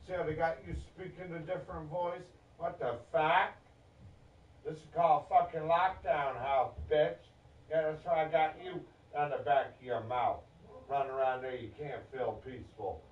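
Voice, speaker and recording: A man's voice: fairly high pitch, steady tone, moderate pace. Agitated man, profane disjointed rant, recorded far off in a roomy space. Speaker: vlogger. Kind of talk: angry rambling rant. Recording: echoey, distant, muffled.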